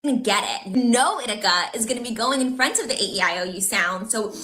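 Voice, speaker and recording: Bright, encouraging woman teaching. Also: on the high side, brisk. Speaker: tutorial presenter. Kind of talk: instructional video.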